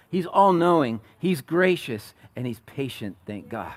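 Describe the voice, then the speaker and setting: Preaching conversationally as pastor, this man rises to loud, emphatic high points and sinks into soft, low asides. His intonation is lively and his delivery unhurried, with hardly any pauses.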